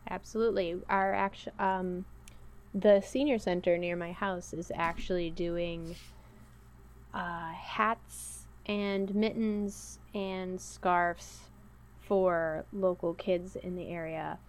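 A woman's voice: fairly low pitch, fairly even intonation, slow pace. A woman co-hosting a podcast, chatting casually in a rambling, playful way. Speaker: podcast co-host. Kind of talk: casual chat.

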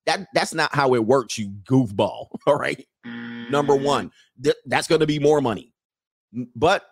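A man's voice: on the high side, no room sound, studio quality. Rambling, laughing man streamer. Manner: rambling, slangy, laughs often. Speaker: online coach and streamer. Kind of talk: casual livestream chat.

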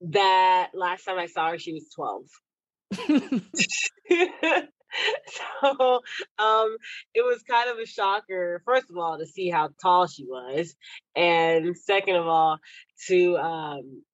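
A woman's voice: fairly low pitch, expressive, takes it slowly, pauses often, dry recording, dull audio. A young woman from Texas, a guest chatting casually in an interview, laughing often between stories. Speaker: athlete guest.

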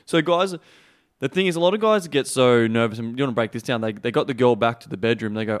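A man's voice: medium pitch, fast talker. A man hosting a podcast, talking loosely with many "like"s and some swearing. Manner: loose, uses lots of "like", swears. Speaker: podcast host. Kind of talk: casual podcast chat.

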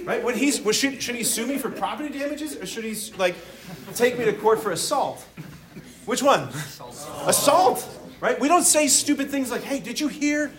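A priest giving a lively, joking talk to teenagers in a room, often stopping to ask the audience questions. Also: male voice, extremely high pitch, normal speed, a crowd in the background. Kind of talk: interactive talk to teens. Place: room with a live youth audience.

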